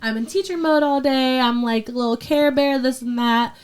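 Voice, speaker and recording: A woman's voice: normal speed, smooth. A young woman, a preschool teacher and fighter, chatting casually on a podcast and acting out voices in her stories. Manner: animated storyteller, acts out kids and herself in a high teacher voice.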